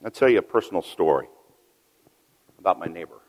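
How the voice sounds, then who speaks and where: A deep-voiced, middle-aged man delivers a sermon in a big hall, where a long reverb makes his words ring out. Expressive and a little fast, he tells his story like a pastor at the pulpit, swinging between loud peaks and hushed, quiet asides.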